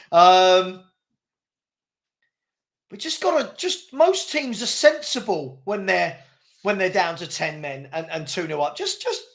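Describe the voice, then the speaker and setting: A fairly high-voiced man talks over a live match as a fan host. He is exasperated and chuckling, calling the play and answering his chat. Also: fairly bright tone. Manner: exasperated, laughing, reading chat aloud. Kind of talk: live match watchalong commentary.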